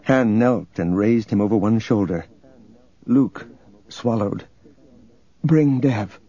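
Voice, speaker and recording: A man narrating an audiobook in a steady, measured reading. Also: lowish voice, lo-fi sound. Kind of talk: scripted narration.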